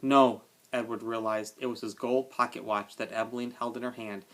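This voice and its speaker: Male teacher, storybook read-aloud, expressive narration, middle pitch. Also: normal speed. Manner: expressive storytelling, casual aside at end. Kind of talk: reading a children's book aloud.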